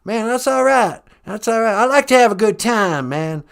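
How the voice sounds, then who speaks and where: A man's voice: sits high, lively intonation, moderate pace, vocal fry. A man putting on a folksy, drawling, laid-back ex-president rancher in a comedic podcast chat.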